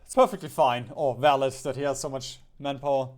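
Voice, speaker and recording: A man's voice: mid-range voice, fairly even intonation, fairly quick, darkish tone. A young man streaming a strategy game, thinking aloud, musing and chuckling as he plays. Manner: muses aloud, often chuckles. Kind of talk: thinking-aloud gameplay commentary.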